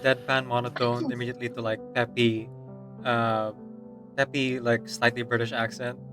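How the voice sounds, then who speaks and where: A man's voice: mid-range voice, little pitch movement, normal speed. A man with a mid-range voice, co-hosting a voice-acting stream and narrating between the scenes. He laughs easily and keeps an encouraging tone, with faint music under him. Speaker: voice actor and narrator. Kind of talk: casual stream chat and scripted narration.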